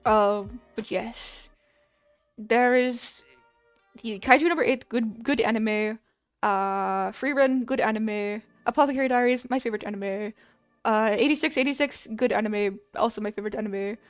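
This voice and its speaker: A comically bad Russian accent, as a woman streamer puts it on, slow and deliberate, with missing articles and stiff phrasing. The voice sits a little high and the sound is close and dry, with faint music underneath. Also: clear, resonant tone, no echo, lightly acted. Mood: playful. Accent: put-on bad Russian accent. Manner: broken grammar, slow deliberate delivery. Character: mock Russian woman "Helga" from the mountains. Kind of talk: streamer reading chat in character.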